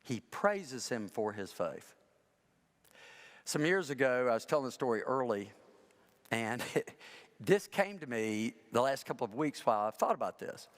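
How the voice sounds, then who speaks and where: A pastor delivers a chatty, conversational sermon in a large church sanctuary, his medium-pitched voice lively at a moderate pace. He tells stories full of self-deprecating humor and acts out the people in them, with the church's long reverb audible.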